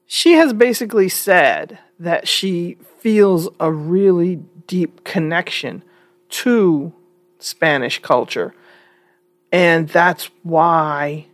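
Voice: mid-range voice, no echo. A vlogger giving casual commentary, opinionated but hedging, often restarting sentences.

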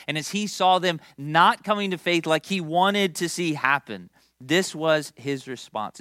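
A young man preaching a sermon in a conversational, animated way, with storytelling and asides to the congregation. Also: fairly high pitch, no echo, clean studio sound. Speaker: pastor.

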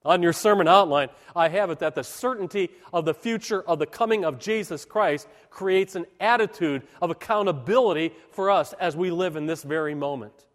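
A high-pitched man delivers a sermon from the pulpit. He speaks with emphasis and measured, dramatic pauses. His voice rings with the long reverb of a large hall. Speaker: pastor.

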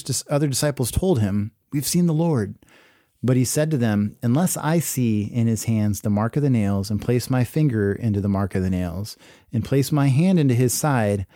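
A man giving a sermon, reading scripture aloud and then explaining it in a relaxed, conversational way with many fillers. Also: mid-range voice, no echo, studio quality. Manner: casual, conversational preaching with fillers. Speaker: pastor.

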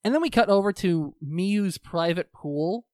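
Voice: mid-range voice, animated, a little slow, darkish tone, dry recording, clean studio sound. A co-host in casual chat, recapping a show in a rambling, profane way and slipping into voices for the characters. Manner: profane, rambling, acts out quotes in put-on voices.

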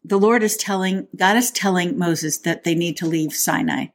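A woman's voice: lowish voice, moderate pace. A woman co-hosting a podcast, talking casually in a chatty, playful way and reading scripture aloud. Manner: chatty and playful, with frequent restarts. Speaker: podcast co-host.

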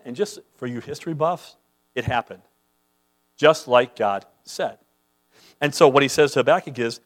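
A man preaching a sermon as pastor, emphatic, repeating words as he starts sentences and swinging between loud and quiet. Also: medium pitch, moderate pace, pauses often.

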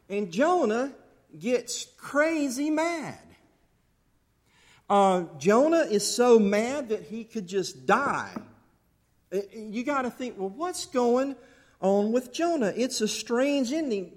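A man preaching a sermon to his church, animated, acting out angry outbursts along the way. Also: high voice. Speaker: pastor. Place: church sanctuary.

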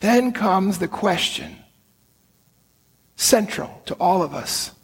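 A husky, fairly high-pitched male voice delivers an earnest sermon, slowing down to stress key points. The sound carries a long reverb, like a church hall. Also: expressive. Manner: earnest storytelling preacher, slow deliberate emphasis. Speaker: priest.

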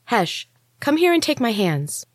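A stern, fierce young warrior woman, as a female storyteller puts her on, clipped and cold, pitched up high above the narration. She sounds guarded and hard to please in a storybook reading, with a dry, close sound. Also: big pitch swings, measured pace, dry recording. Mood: commanding.

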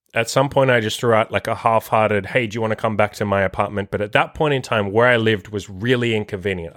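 A young male podcast host with a fairly low voice tells a story in a loose, rambling way. He swears freely and drops "like" into nearly every sentence. The recording is dry and close, with no room sound. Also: fairly bright tone, no room sound. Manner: crude and profane, heavy use of filler "like". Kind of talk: casual storytelling monologue.

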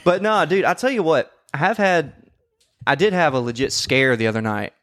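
A man telling a story in casual podcast chat, swearing often and acting out quoted lines loudly. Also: on the high side, moderate pace, no room sound. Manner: profane, animated, acts out quotes loudly. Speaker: podcast co-host.

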